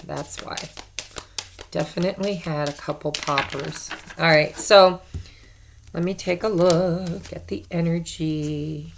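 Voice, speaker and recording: Slow, gravelly-voiced woman reading tarot. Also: low voice, steady tone, a little hiss or hum. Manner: chatty, repeats herself for emphasis. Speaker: tarot reader. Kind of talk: casual tarot reading to camera.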